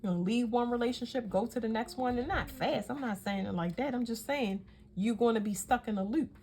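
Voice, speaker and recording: A tarot reader gives a casual reading in a brisk, somewhat high, slightly mellow voice. She's chatty and emphatic, often correcting herself mid-sentence, with a little background noise behind her.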